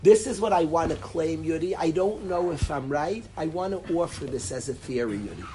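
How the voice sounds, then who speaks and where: A man's voice: on the high side, animated, a little fast, mellow, slight background noise. Emphatic man teaching a live class. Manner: emphatic, repeats words and restarts, addresses students directly. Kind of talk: informal Torah lecture to a live class.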